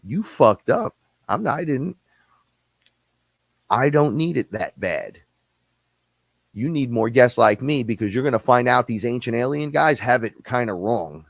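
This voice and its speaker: A man ranting in a casual, blunt, profane way on a podcast, quick and heated, often slipping into imitations of other people. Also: medium pitch, expressive, creaky, no echo. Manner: blunt, profane, fast-talking, mimics others. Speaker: podcast guest-host. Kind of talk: casual rant.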